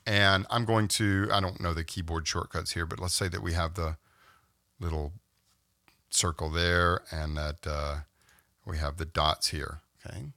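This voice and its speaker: A man teaching a screen-recorded software tutorial, explaining step by step and checking in with "okay?" as he goes. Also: sits low, steady tone, a little slow, creaky, dry recording, studio quality. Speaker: instructor.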